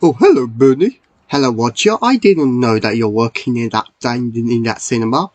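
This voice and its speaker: A man's voice: medium pitch, expressive, moderate pace, highs cut off. A man improvising a homemade skit, rambling and hesitant with many fillers, close to the mic. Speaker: presenter voicing toy characters.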